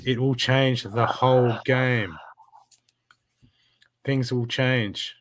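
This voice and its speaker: A man's voice: mid-range voice, fairly even intonation, drawn-out words, fairly bright tone, slight background noise. A man giving a live spiritual card reading, talking in an emphatic, repetitive coaching way. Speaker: intuitive card reader.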